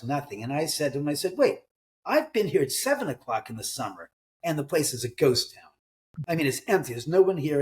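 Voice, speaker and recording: A middle-aged man, an author, telling ghost stories in a casual interview, acting out quoted voices and swearing now and then. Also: mid-range voice. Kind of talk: conversational storytelling in an interview.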